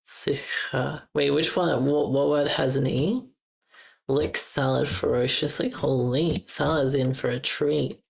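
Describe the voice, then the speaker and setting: A woman with an extremely low, gravelly voice, chatting on a live stream in an unhurried way. She repeats foreign words over and over to get the sound right, breaking off with quick curses and exclamations. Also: fairly even intonation, a little mellow. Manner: repeats German words aloud as she practices pronunciation; blurts out casual exclamations and curses. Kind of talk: casual live-stream chat.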